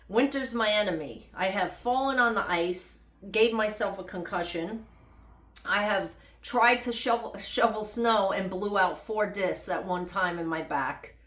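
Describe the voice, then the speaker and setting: Middle-aged woman, casual vlogger, chatty and self-mocking, mid-pitched, echoey room. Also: fairly bright tone. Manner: rambling, chatty, self-deprecating humor. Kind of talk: casual unedited health update vlog.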